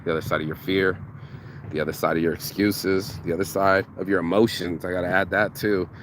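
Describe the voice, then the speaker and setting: A man's voice: low voice, fairly even intonation, fairly quick, noisy background. A man giving a casual motivational monologue, slangy and profane, who stumbles over repeated words when he gets going. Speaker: motivational vlogger.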